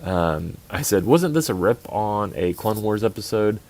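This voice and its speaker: A man's voice: fairly low pitch, expressive, unhurried, darkish tone. A man co-hosting a casual podcast, rambling and mocking, full of restarts. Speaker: podcast co-host. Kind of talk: casual chat.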